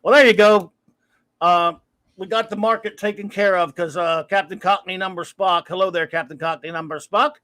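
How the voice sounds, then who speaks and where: A man with a notably high voice runs a relaxed livestream. He cracks jokes at his own expense and rambles through greetings with plenty of fillers and false starts. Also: moderate pace. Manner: jokey, self-deprecating, rambling with fillers. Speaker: livestream host. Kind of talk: casual livestream chat.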